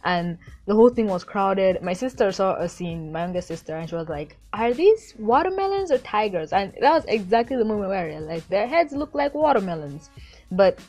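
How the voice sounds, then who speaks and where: A young woman talks through a cartoon episode in an excitable, gushing way. She slips into the characters' lines as she goes. Her voice sits at a middle pitch, and faint music plays behind her. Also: a little fast. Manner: excitable, gushing, acts out quotes. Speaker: episode reviewer. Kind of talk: casual cartoon episode review.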